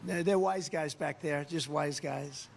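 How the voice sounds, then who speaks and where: A man's voice: on the high side, unhurried, gravelly. A man giving a rally speech, rambling and repeating himself. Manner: rambling, repetitive. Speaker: politician at a rally.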